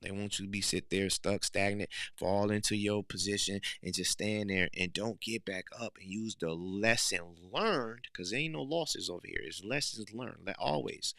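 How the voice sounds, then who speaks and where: Gravelly, bright-voiced streetwise podcast host. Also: male voice, lowish voice, no room sound, clean studio sound. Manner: streetwise slang, animated preaching, rising into loud emphatic bursts. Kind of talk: casual motivational monologue.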